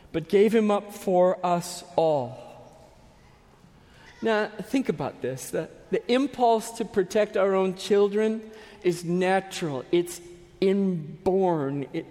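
A man with a high voice preaches slowly and deliberately. His earnest, emphatic delivery often sinks to a near hush at the ends of phrases. A long hall reverb trails behind every word. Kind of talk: sermon.

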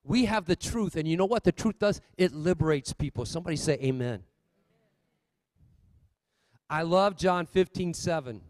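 A male pastor delivering a sermon in a notably high voice. He swings between loud, urgent exhortation and low, quiet asides to the congregation. The sound is dry and close, with no room echo. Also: normal speed, pauses often.

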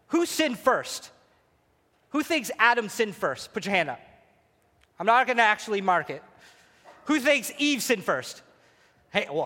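Male pastor, sermon, animated delivery, reverberant hall. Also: high voice. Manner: animated, preacherly, acts out voices. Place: church sanctuary.

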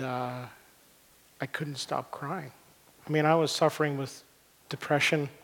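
Earnest pastor in reverberant hall. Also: male voice, medium pitch, a bit bright. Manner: earnest, conversational, repeats words while searching for them. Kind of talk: sermon. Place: church hall. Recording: long reverb of a church hall.

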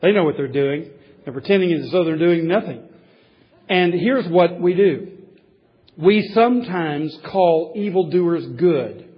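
Husky-voiced male pastor preaching a sermon. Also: fairly high pitch, a little slow, lo-fi sound. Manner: reads scripture aloud, then explains it with lively childhood stories.

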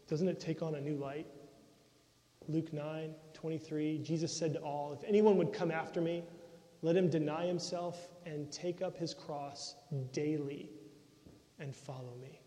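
Earnest preaching man, high voice. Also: steady tone, unhurried. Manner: earnest preaching, often dropping to a soft, intimate tone. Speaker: pastor. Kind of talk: sermon. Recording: long reverb of a large hall.

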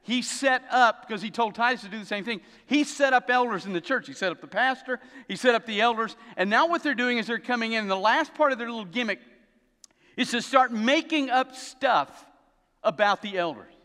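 A man preaching a sermon as pastor, telling stories with an animated, dry humor. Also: extremely high pitch, a little fast. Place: church sanctuary. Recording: long reverb of a church hall.

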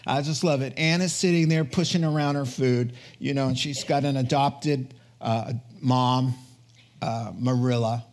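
A man's voice: mid-range voice, steady tone, unhurried, darkish tone, a little hiss or hum. A man preaching a conversational sermon in an earnest, chatty way, often checking in with his listeners. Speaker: pastor.

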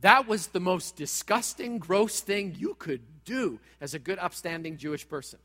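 A pastor preaching a sermon in a church, talking straight at the congregation in a dramatic way. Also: male voice, high-pitched, animated, normal speed, pushed and bright, in a large hall. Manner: dramatic, direct, acts out quoted voices.

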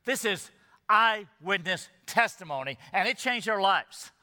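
The pastor's high, animated voice sounds pushed and bright as he preaches an expository sermon, a little slowly. Earnest and emphatic, he regularly throws rhetorical questions at the congregation. The audio carries echoey hall reverb.

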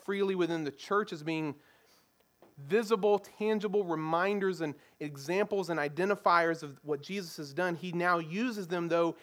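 A man's voice: sits high, moderate pace, a bit bright. A man preaching a sermon in a conversational teaching manner, often asking the congregation rhetorical questions. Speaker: pastor.

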